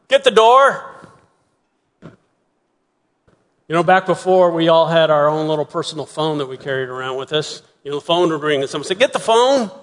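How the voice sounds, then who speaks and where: Male pastor, fairly high voice, earnest sermon delivery with repetitions and soft emphatic pauses, long church-hall reverb. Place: church sanctuary.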